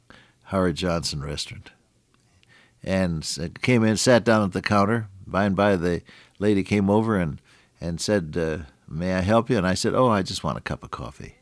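Older male radio preacher, very low voice, earnest and folksy, dry studio sound. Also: dry recording. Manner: folksy, earnest, with stories and asides to listeners. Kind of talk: radio sermon.

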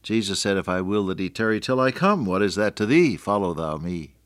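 An older man preaching a radio sermon, earnest, often slowing and dropping to a near-whisper for emphasis. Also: on the low side, expressive, no echo, studio quality.

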